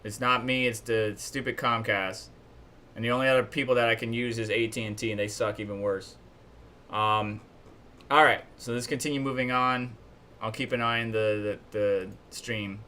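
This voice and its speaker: A man hosts a live stream from a home setup, running through the news in a loose, conversational way. His voice sits at a middle pitch, and he talks bluntly, griping openly as he goes. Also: steady tone, normal speed, sharp tone, slight background noise. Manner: chatty and blunt, complains openly.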